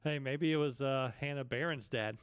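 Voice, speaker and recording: A man's voice: mid-range voice, normal speed, smooth, no room sound. A man hosting a casual podcast, laid-back and joking with crude banter. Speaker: podcast host.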